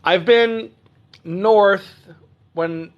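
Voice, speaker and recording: A middle-aged man with a somewhat high voice chats casually on a home livestream. He rambles and restarts his sentences, fills the gaps with "um" and "like", and talks straight to his viewers. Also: very slow, muffled recording. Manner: chatty, rambling, many fillers and restarts. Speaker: livestream host. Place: home, living in Texas. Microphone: phone or webcam on a livestream.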